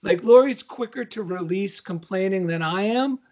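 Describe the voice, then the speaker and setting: A man's voice: high-pitched, normal speed, a crowd in the background. A middle-aged man co-hosting a casual spiritual podcast, telling a story animatedly and acting out the dialogue. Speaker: co-host. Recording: dull lo-fi sound.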